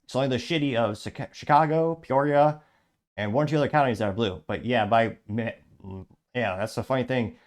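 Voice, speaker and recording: A man's voice: mid-range voice, a little fast. Man reading and mocking online comments. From Illinois. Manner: rambling, sarcastic, frequent restarts. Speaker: show host. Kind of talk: reading and commenting on social media posts.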